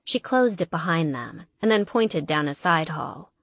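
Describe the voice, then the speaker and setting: A woman narrating an audiobook in a lively, expressive storytelling manner. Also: sits low, unhurried, gravelly, few pauses, no room sound, muffled recording.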